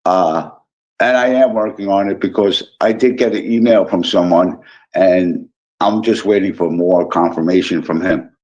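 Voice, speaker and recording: Man from illinois, livestream host, chatty and teasing, lowish voice, dull lo-fi sound. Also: normal speed, darkish tone. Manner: chatty, greets viewers by name, teasing. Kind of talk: casual live chat reading comments.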